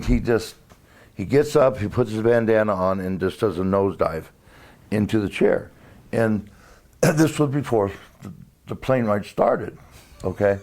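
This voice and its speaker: A man's voice: fairly low pitch, darkish tone. A man telling an old road story in a casual interview, hesitant, with many fillers and restarts. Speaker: former wrestler.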